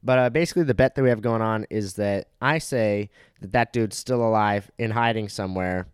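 A man's voice: on the low side, brisk, smooth, dry recording, clean studio sound. A young man hosting a casual solo podcast, rambling crudely with lots of swearing and filler words.

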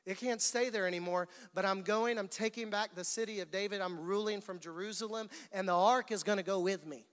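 A man's voice: high voice, fairly quick, fairly bright tone. A man preaching, voicing a determined young king of old in an emphatic, resolute way, with a reverberant hall sound.

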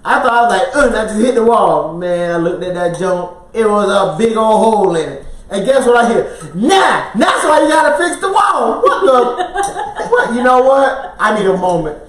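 A man's voice: high voice, normal speed. Man telling a story in a roomy room. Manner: animated storyteller, acts out quotes, laughs often. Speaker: podcast co-host. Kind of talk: storytelling in casual chat. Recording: roomy sound, mic at a distance.

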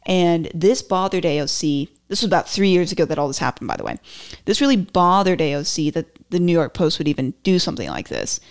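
A woman's voice: fairly low pitch, big pitch swings, brisk. A woman hosting her own podcast, chatting through political commentary in a rambling, self-mocking way with joking asides. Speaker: podcast host.

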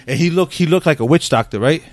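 Man, middle-aged, podcast co-host, rapid, profane, rambling, casual chat. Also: on the high side, no room sound.

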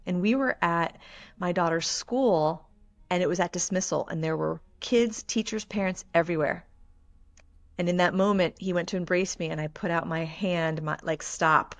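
A woman guest on a podcast, telling a personal story in an earnest, measured and reflective way. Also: on the low side.

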